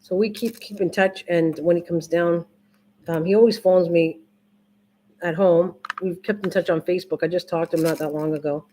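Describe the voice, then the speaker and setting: A woman's voice: lowish voice, fairly even intonation, moderate pace, warm tone, a little hiss or hum. An older woman hosting a crafting live stream, chatting casually with viewers in a rambling, repetitive way. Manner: rambling, repeats herself, restarts often. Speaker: livestream crafting host.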